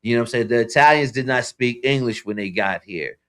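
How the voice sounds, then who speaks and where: A man's voice: mid-range voice, brisk, a bit bright. A man co-hosting a talk radio show, stumbling over repeated words and often saying "you know what I'm saying" in a loose debate.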